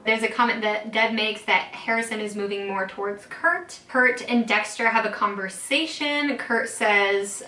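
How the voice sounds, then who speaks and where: A woman's voice: medium pitch, steady tone, a little slow, few pauses, bright, forceful tone, roomy sound, distant mic, low-quality recording. A young woman casually recapping TV episodes, chatty and full of fillers as she retells scenes and quotes characters. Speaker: TV recap vlogger.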